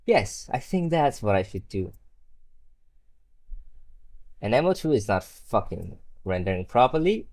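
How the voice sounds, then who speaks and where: A young adult streamer talks slowly to themselves while working at the computer, swearing often and sliding into sarcasm. The pitch swings widely, rising and falling from one remark to the next. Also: big pitch swings, darkish tone. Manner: frustrated, profane, sarcastic muttering. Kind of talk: casual livestream commentary while working on a computer.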